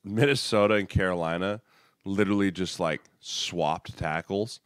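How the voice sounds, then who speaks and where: A man's voice: low-pitched, smooth, dry recording, studio quality. A man co-hosting a football podcast, talking through team moves in a chatty, analytical way. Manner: chatty and analytical, with quick asides. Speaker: podcast co-host, former NFL lineman. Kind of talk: casual podcast chat.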